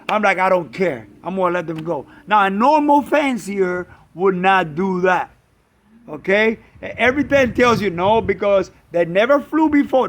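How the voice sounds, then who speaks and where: A man casually telling a story, animated, acting out friends' voices and bird sounds. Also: high-pitched. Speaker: pigeon fancier, channel host.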